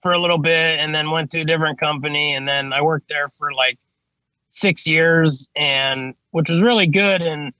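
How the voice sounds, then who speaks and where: A man's voice: fairly high pitch, fairly even intonation, normal speed, no room sound, muffled recording. A man, an HVAC service tech, telling stories casually in an interview, rambling with lots of "you know what I mean" and casual swearing. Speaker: HVAC service technician, podcast guest.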